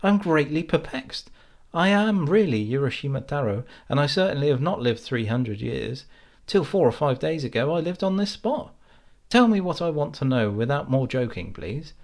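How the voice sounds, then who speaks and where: A man's voice: on the high side, very animated, normal speed, pitched above the performer's own voice. A man voicing an earnest young fisherman who grows frightened and pleads. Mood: alarmed, pleading. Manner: pleading, rising with alarm.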